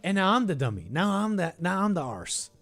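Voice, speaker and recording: A man with a slightly high voice hosts a podcast, riffing sarcastically on a clip and thinking out loud. His voice is dry and close to the mic. Faint music plays underneath. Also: big pitch swings, a little fast, dry recording. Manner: sarcastic, rambling, thinking aloud. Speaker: podcast host reacting to clips. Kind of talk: casual reaction commentary.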